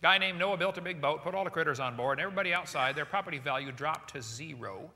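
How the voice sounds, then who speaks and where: A man giving a lecture to a live audience in a large hall, animated and jokey, firing rhetorical questions at the crowd. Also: a little high, quick pace, a little hiss or hum. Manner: jokey asides. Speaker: seminar speaker. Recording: long hall reverb.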